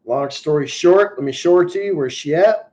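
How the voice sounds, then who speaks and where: A man's voice: a little high, normal speed, darkish tone. A man hosting a live stream, telling stories in a blunt, profane way. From United States. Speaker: livestream host. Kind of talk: casual live stream chat. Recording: muffled stream audio.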